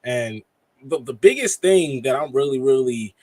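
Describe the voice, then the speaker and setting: A man co-hosting a wrestling reaction podcast, chatting casually in an animated way that breaks into laughs and restarts. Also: medium pitch, dry recording. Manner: animated, quick laughs and self-interruptions. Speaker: podcast co-host.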